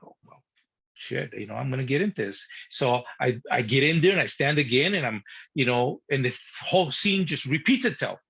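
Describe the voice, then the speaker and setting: A man tells a story from his childhood with a husky voice and plenty of energy, acting out the moments and swearing freely. The sound is dull and lo-fi. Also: mid-range voice. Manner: animated, swearing, acting out his younger self. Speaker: guest. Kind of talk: personal storytelling.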